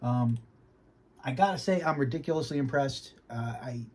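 A man from Boston with a faint Boston accent, giving an easygoing casual review from his home sim cockpit and often clearing his throat. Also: medium pitch, normal speed, darkish tone. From Boston, United States. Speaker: flight sim hobbyist.

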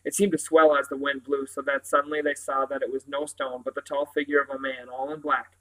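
A man reading a children's novel aloud in a steady manner, with occasional slips and restarts. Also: medium pitch, brisk, rough recording. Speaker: reader.

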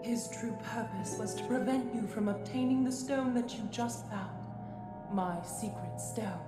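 A woman's voice: a little high, a little slow. A woman voicing an ancient female Zora sage spirit, speaking in a solemn, formal way with a ghostly echo. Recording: echoey long reverb over loud game music.

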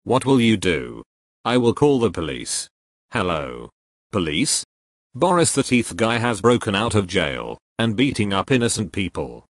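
A synthetic man's voice with a British accent, flatly reading out joke error messages and answering them. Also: on the low side, measured pace, no room sound. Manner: flat, even synthetic delivery that bursts into loud shouting. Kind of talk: comedic text-to-speech reading.

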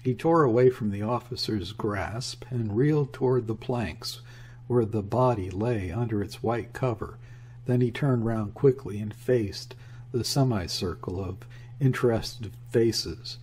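A man narrating a classic novel as an audiobook, reading in a measured, even way. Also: fairly low pitch, a little hiss or hum.

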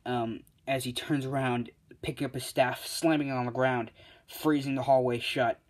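A man's voice: mid-range voice, steady tone, moderate pace. Rambling young man telling a fan story. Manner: rambling, frequent "uh" and self-corrections, laughs at own story. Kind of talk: improvised fan-fiction storytelling.

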